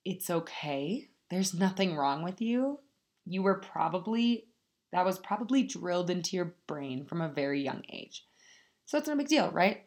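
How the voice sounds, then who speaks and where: A young woman talks straight to her viewers in a loose, chatty vlog. Her voice sits a little low, and she swears freely and laughs often while she turns a setback into upbeat advice. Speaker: vlogger. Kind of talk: casual motivational talk to camera.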